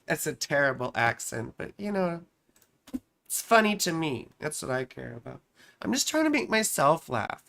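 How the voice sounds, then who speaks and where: A woman's voice: low-pitched, expressive, moderate pace, vocal fry, a bit bright. A woman astrologer hosting a casual live stream. She talks in a chatty, self-amused way, often repeating her phrases and tossing in "right?".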